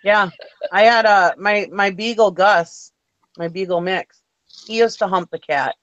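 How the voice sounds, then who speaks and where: A woman's voice: mid-range voice, measured pace, no room sound, lo-fi sound. A woman chatting casually on a live show, laughing often between stories.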